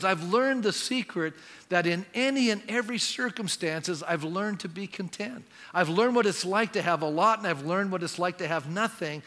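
Man, pastor, bright forceful voice, long reverb of a church hall. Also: sits high. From Canada. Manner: conversational preaching, asks the crowd questions. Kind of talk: sermon.

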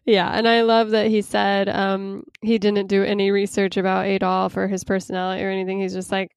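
A woman co-hosting a casual podcast chat, relaxed and quick to laugh. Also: mid-range voice, creaky, clean tone, dry recording. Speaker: podcast co-host.

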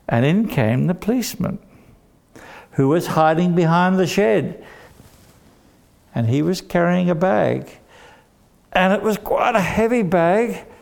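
Male storyteller for kids: slow, gravelly, playful. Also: on the high side. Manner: animated, playful, asks the children questions. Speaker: children's storyteller. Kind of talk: storytelling to children.

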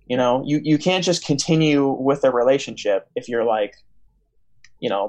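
A young man hosting a faith podcast, speaking in a relaxed, conversational way. He wanders through his story with a lot of "um"s and restarts, at a middling pitch. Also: moderate pace. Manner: rambling storyteller with many fillers and restarts. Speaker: podcast host. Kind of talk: casual chat.

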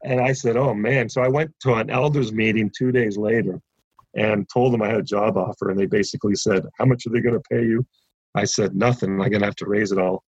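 A man's voice: lowish voice, fairly even intonation, brisk, slightly rough, no echo, lo-fi sound. A man from Canada, a ministry founder, telling a story as an interview guest and acting out the quoted dialogue.

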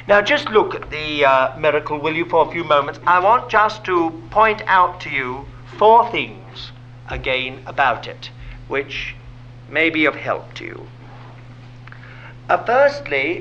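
Man, preacher, sermon, widely swinging pitch, rhetorical questions, dull recording with a faint hum. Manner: animated, asks rhetorical questions, drops to a whisper for emphasis.

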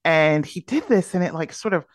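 A woman's voice: low voice, animated, moderate pace, no echo, clean studio sound. A woman speaking as a podcast guest, candidly and reflectively telling a personal story. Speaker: podcast guest, burnout coach.

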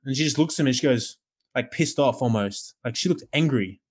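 Man, quick, casual podcast chat, acts out quotes. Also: medium pitch, husky. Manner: animated storyteller, swears freely, acts out quotes. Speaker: podcast co-host.

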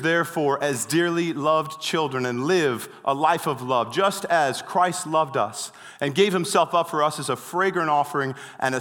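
A pastor preaching a sermon, welcoming the congregation and reciting scripture in a bright, forceful voice set a little high. The sound rings with a long hall reverb. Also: male voice.

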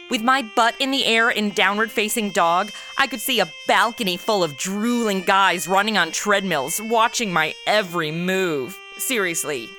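A young woman in her own voice, narrating and playing a sarcastic detective in a comedic audio drama. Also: medium pitch. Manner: sarcastic and wisecracking, slips into mock drawl.

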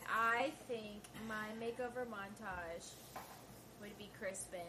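A woman's voice: mid-range voice, takes it slowly, a crowd in the background. A woman co-hosting a podcast in bubbly, playful casual chat about a film. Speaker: podcast co-host. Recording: roomy echo with clear background noise.

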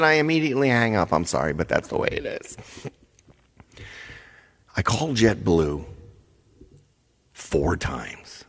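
A man's voice: sits low, big pitch swings, a little slow, vocal fry, long pauses, a bit bright, big-room sound. A man hosting a live stream, chatting casually with viewers and telling a long, ranting story. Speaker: live stream host and singer.

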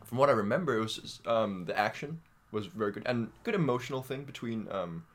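A man's voice: medium pitch, lively intonation, fairly quick, fairly bright tone. A young man co-hosting a podcast, chatting casually, joking and teasing, often unsure of the details. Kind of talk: casual chat.

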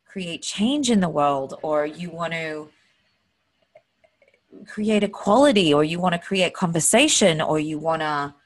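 A woman with a slightly low, husky voice gives a heartfelt motivational talk to her audience. She speaks earnestly and openly lets her emotion through. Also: expressive, a little slow. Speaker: host.

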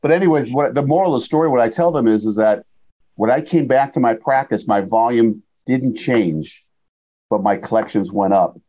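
A man's voice: mid-range voice, quick pace, mellow, lo-fi sound. A man in his sixties hosting a casual interview, telling stories and often tagging them with "right?". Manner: storytelling, frequent tag questions. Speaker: podcast host and chiropractor.

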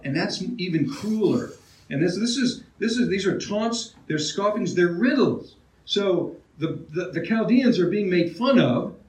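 Man, preacher, sermon, somewhat high voice, talks casually, restarts phrases, asks the congregation questions, mic at a distance. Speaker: pastor. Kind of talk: expository sermon. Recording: roomy, heard from a distance.

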